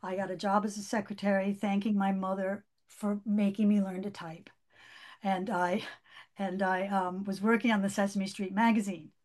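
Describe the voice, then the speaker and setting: An older woman, a guest in an interview, recounts her career in a halting, conversational way full of restarts and fillers. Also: medium pitch, little pitch movement, darkish tone. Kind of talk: conversational storytelling.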